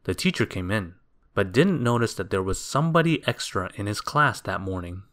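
A man reading a children's storybook aloud in a gentle, expressive, unhurried way. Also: lowish voice.

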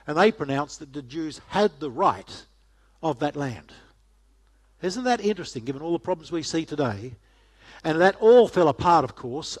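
A middle-aged man giving a casual, joking talk to a church audience, often asking them questions. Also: a little high. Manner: jokey, chatty, asks the audience questions. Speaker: guest speaker.

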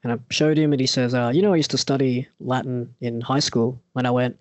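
A man telling a personal story in casual chat as a podcast co-host, animated and acting out the people he quotes. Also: medium pitch, fairly quick, dry recording. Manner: animated, acts out quoted voices.

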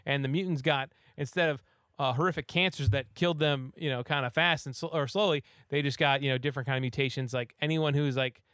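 Fast-talking man recapping a movie. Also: medium pitch, fairly even intonation, fairly bright tone, clean tone, dry recording, studio quality. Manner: rambling, filler-heavy, acts out quotes.

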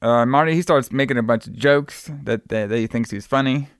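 A man's voice: mid-range voice, a little fast, dry recording, studio quality. A man on a podcast recapping a movie in casual chat, rambling and repeating words as he acts out bits of dialogue. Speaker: podcast co-host.

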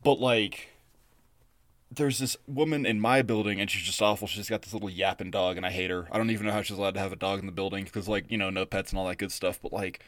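A man's voice: low-pitched, steady tone, fast, fairly bright tone, no echo. A young adult man co-hosting a podcast, telling a story in a rambling, casual way full of fillers. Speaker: podcast co-host.

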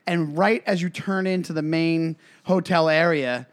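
A man's voice: fairly high pitch, steady tone, measured pace. A man co-hosting a podcast in casual chat, telling rambling stories full of fillers like "uh" and "like.". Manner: rambling, filler-heavy storytelling. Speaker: podcast co-host.

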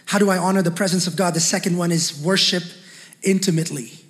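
A man's voice: sits high, fairly even intonation, fast talker, a bit bright. A male pastor preaching a fervent sermon with call-and-response, in a large church hall. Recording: long hall reverb.

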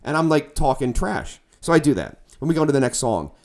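A man, a musician, telling a tour story in casual chat, animated and bursting into loud quoted lines. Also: a little high, quick pace, creaky.

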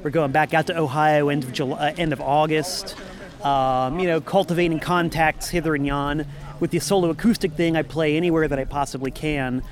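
A man's voice: a little high, fairly even intonation, brisk. A man, a musician and former record store owner, talking in a rambling, upbeat way in a casual interview in a parking lot. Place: parking lot outside a venue.

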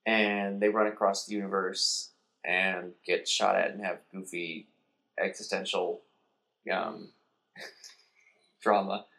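A man's voice: low voice, creaky. Man animatedly retelling a movie. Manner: animated retelling, acts out characters in quick voices. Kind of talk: casual chat.

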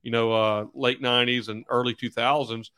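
Bright-voiced middle-aged football coach. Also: male voice, mid-range voice, little pitch movement, normal speed, clear, resonant tone. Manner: easygoing, acts out quotes in stories. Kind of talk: casual interview chat.

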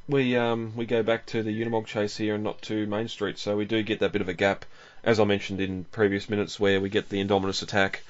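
Low-voiced man chatting, chuckling often. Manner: rambling, chuckles often, many fillers. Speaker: podcast host. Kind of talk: casual film commentary. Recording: dull lo-fi audio.

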